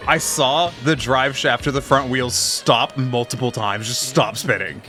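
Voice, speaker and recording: A man's voice: medium pitch, steady tone, measured pace, bright, forceful tone, faint music behind. A man streaming a game, telling rambling, profane work stories in casual chat. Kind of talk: casual chat while gaming.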